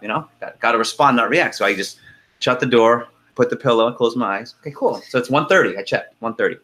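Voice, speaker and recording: A middle-aged man leading a team conference call, telling a lively story with laughs and then going through the agenda. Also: medium pitch, fast.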